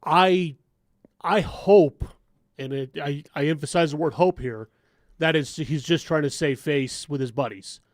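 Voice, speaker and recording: Measured man chiming in on sports radio. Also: a little high, dry recording, clean studio sound. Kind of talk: sports talk radio banter. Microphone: studio microphone.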